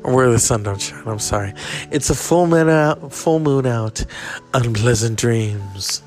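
A man's voice: medium pitch, measured pace, a little mellow, soft background music. A man hosting a podcast, rambling in a crude, sarcastic casual monologue. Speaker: podcast host.

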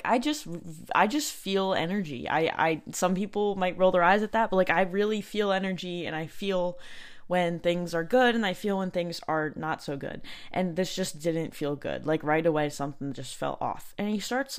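A young woman hosting a podcast, telling a personal story in a casual, halting way, full of fillers and restarts. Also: fairly low pitch. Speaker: podcast host.

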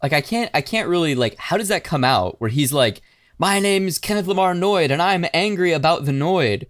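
A man co-hosting a casual podcast, recounting a strange crime story. He breaks into loud, animated, profane impressions of the people in it. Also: a little high, moderate pace. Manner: animated storytelling, acting out shouted quotes with profanity. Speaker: podcast co-host.

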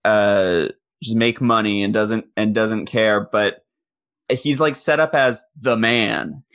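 A man's voice: fairly low pitch, slow, a bit bright. A man co-hosting a casual movie podcast, cracking jokes and slipping into silly voices for the characters. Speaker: podcast co-host. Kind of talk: casual movie-recap chat.

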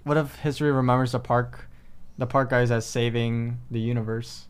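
Eager young male co-host, smooth-voiced, quick to jump in with jokes and ideas. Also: medium pitch. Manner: excitable, jumps in with theories and jokes. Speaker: podcast co-host. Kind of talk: casual chat recapping an episode.

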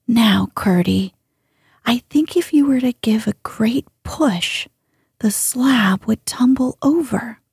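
An eager little princess girl, whispered by a woman reading a storybook, breathy and hushed in whispered role-play. She sounds earnest and insistent, her voice mellow and unhurried. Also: on the high side, dry recording, clean studio sound, heavily acted.

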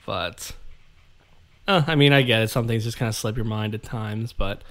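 A young man co-hosting a podcast, chatting casually and retelling scenes with animated laughs. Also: lowish voice, normal speed. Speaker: podcast co-host. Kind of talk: casual chat.

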